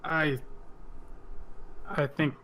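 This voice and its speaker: A man's voice: fairly high pitch, level tone, extremely slow, sharp tone. Stammering man in a tabletop role-play. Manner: stammering, earnest. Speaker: player.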